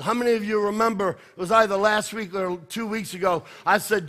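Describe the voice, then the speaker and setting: A male pastor preaching a sermon emphatically, dropping low and then rising to shouts. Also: fairly even intonation, fairly quick, hardly any pauses.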